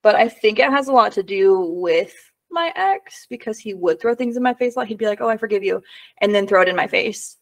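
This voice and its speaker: A woman's voice: medium pitch, animated, fairly quick, hardly any pauses. A woman co-hosting a podcast in casual chat, candid and personal, laughing easily. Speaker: podcast co-host.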